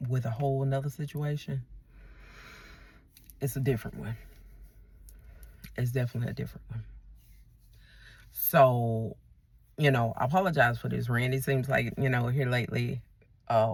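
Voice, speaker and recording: A woman's voice: rumbling low, creaky, husky, no room sound. A woman vlogger delivering a ranting monologue to her viewers, emphatic and repeating herself as she restarts her sentences.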